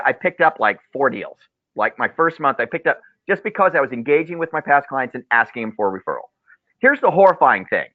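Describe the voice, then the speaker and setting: A man's voice: medium pitch, dry recording. A man coaching loan officers in a webinar, telling stories with lots of repeated phrases. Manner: animated storyteller, repeats key phrases. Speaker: mortgage loan officer presenter. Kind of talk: webinar sales coaching talk. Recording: tinny dry phone-like line.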